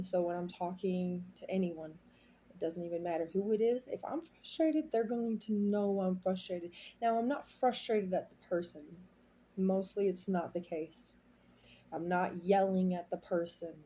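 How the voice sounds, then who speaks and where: A woman's voice: fairly low pitch, mellow, a little hiss or hum. A woman giving a tarot reading to her viewers, talking in a rambling, heartfelt, confiding way. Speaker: tarot reader. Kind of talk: casual tarot reading monologue.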